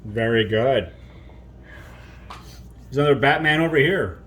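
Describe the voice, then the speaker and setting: A man's voice: mid-range voice, slow, a bit bright, slight background noise. A man in his thirties hosting a playful family video at home, jokey and mock-pompous as he introduces toys. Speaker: host.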